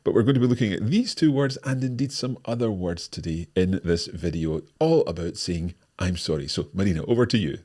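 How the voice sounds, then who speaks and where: Male teacher-host, deep and husky, lively up-and-down delivery, repeats phrases for learners. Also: brisk, few pauses. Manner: repeats and stresses each phrase clearly. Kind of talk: explaining a language lesson.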